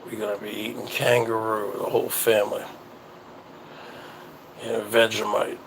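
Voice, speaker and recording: A man hosting his own show, chatting casually in a rambling, halting way that often repeats itself. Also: on the low side, flat delivery, vocal fry, a bit bright, slight background noise, rough recording. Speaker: show host. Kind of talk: casual livestream chat.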